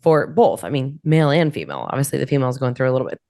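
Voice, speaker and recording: A woman's voice: very deep voice, sing-song, racing, warm tone, no echo, clean studio sound. A woman hosting a podcast, asking long questions that hedge and circle with "you know". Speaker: podcast host. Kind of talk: interview questioning.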